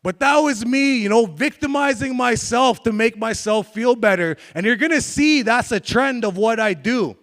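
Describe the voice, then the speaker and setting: High-voiced man telling his story. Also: normal speed, hardly any pauses, fairly bright tone. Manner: candid, confessional storytelling with audience banter. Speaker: speaker sharing his life story. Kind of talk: live motivational talk to an audience.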